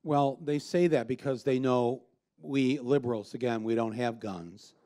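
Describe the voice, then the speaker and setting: Blunt, emphatic man speaking onstage, mellow tone. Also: mid-range voice, a little slow. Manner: blunt, emphatic, profane, with frequent restarts and fillers. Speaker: filmmaker guest. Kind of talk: onstage conversation before an audience. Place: live event with an audience.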